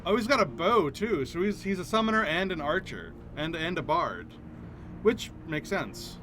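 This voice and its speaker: A man's voice: on the high side, sing-song, normal speed, pushed and bright, soft background music. A man streaming a game, chatting playfully and reacting aloud as he plays. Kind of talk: casual chat while playing.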